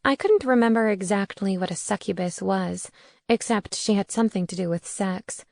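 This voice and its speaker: A woman's voice: mid-range voice, lively intonation, normal speed, gravelly, darkish tone, no echo. Wry woman narrating an audiobook. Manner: wry, conversational. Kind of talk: first-person audiobook narration.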